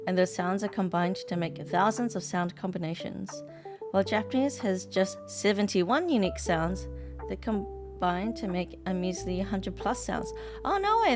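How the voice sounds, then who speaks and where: A woman with a New Zealand accent, chatting casually on a live stream, reading lesson text aloud and reacting to it. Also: mid-range voice. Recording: background music track.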